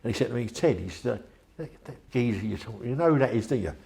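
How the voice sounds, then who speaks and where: An older man with a medium-pitched, warm voice and some vocal fry talks fast and animatedly. In an interview, he tells a rambling, chatty anecdote, acting out the voices of the people in it.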